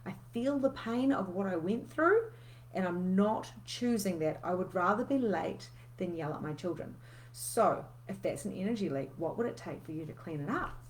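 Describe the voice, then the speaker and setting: A woman's voice: mid-range voice, expressive, moderate pace, slight background noise. A woman, coaching in a casual, candid live session where she swears freely and reads out viewer comments.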